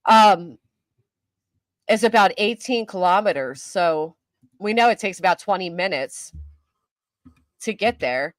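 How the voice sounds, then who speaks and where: A woman's voice: mid-range voice, animated, measured pace, long pauses, no room sound, clean studio sound. An older woman hosting a casual live-stream commentary, chatty and self-mocking, answering her chat as she goes. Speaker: YouTube commentary host.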